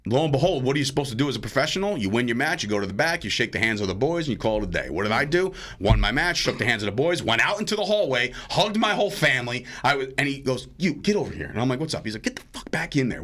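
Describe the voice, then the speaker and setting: A man from New Jersey, a podcast guest and wrestling commentator, telling animated stories and acting out quotes with plenty of swearing. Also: mid-range voice, quick pace. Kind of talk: casual storytelling chat.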